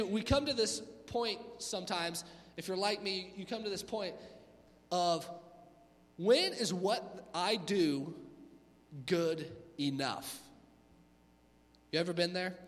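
Male youth pastor, high voice, lively casual preaching, long hall echo. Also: a little fast. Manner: energetic, conversational, acts out voices. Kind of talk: youth sermon. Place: church hall.

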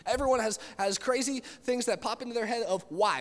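A man's voice: high voice, brisk, few pauses, in a large hall. A young man, a youth pastor, giving a casual, conversational sermon with many fillers and restarts, in a church meeting room.

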